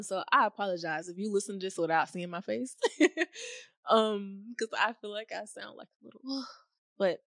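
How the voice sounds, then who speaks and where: A young woman hosting a faith-based podcast, talking in a rambling, heartfelt way with many fillers, at times near tears and laughing softly. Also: lowish voice, dry recording, clean studio sound. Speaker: podcast host.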